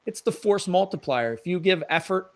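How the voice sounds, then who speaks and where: A man's voice: sits high, animated, normal speed. Man giving upbeat motivational advice. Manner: earnest motivational coaching tone. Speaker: guest. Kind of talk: conversational interview.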